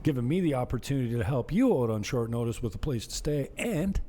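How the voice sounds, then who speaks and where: A man's voice: medium pitch, expressive, fast talker, dark tone, slight background noise. A man vlogging casually to camera, rambling through stories about renting out his property and laughing now and then. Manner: rambling, conversational, laughs while telling stories.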